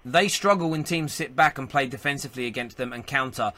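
A man hosting a live football fan show, talking fast and excitably. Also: medium pitch. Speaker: host.

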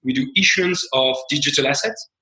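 A man with a French accent, a company co-founder answering interview questions at an unhurried pace and often trailing off quietly. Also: fairly high pitch. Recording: roomy echo.

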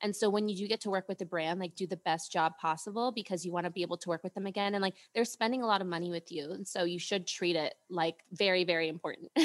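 A woman's voice: fairly low pitch, fast. Woman in her thirties, interview guest, chatty, gushing, lots of "like", earnest. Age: 30s. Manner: gushing, heavy use of "like", gets emotional. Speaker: guest, beauty influencer and brand founder. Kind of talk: casual interview chat.

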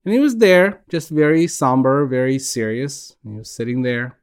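A man giving a reflective spiritual talk on a regular broadcast, speaking gently in short halting phrases with pauses. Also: medium pitch, smooth.

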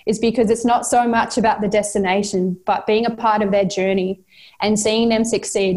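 An Australian football coach, appearing as a guest, gives earnest interview answers with heartfelt, motivational conviction. She circles back and repeats words while gathering her thoughts, speaking at an ordinary middle pitch with a darkish tone.

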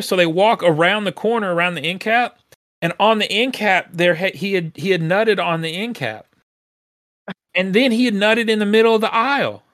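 A man tells a story on a casual podcast, bright and a little high in pitch. He talks in an animated way and jumps into the voices of the people he quotes. The sound is dry and close to the mic. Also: fairly quick, no room sound. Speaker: podcast co-host telling a retail story.

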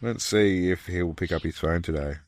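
A man's voice: low voice, normal speed, a little mellow, no room sound. A man, co-hosting a casual podcast chat, joking crudely and swearing freely. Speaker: podcast co-host.

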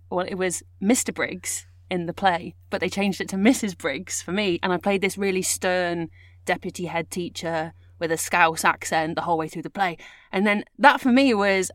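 A young adult woman with a slightly low voice recorded close and dry. She chats casually as a guest, spinning her story with plenty of fillers. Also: dry recording. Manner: chatty, animated storytelling with fillers. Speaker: guest, audiobook narrator and actor. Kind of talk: casual chat.

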